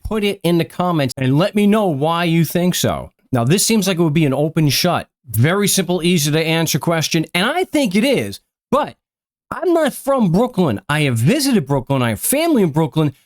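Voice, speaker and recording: A man's voice: on the high side, big pitch swings, moderate pace. A middle-aged man from Long Island with a strong Long Island New York accent, chatting to camera and often stumbling over and repeating his words. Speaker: genealogy video host. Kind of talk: casual chat to camera.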